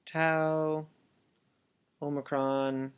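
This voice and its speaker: A man's voice: on the high side, level tone, extremely slow, smooth. A man teaching a language lesson for children, patiently spelling out words and having learners repeat after him. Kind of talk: slow classroom language lesson.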